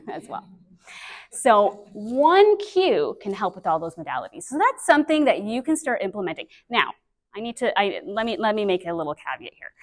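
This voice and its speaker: A woman presenting a live workshop as a speech therapist, coaching the group in a chatty, demonstrative way. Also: mid-range voice.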